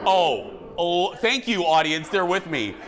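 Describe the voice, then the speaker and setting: A man's voice: high voice, lively intonation, measured pace, a crowd in the background. A man hosting a live talk show, bantering playfully and laughing often.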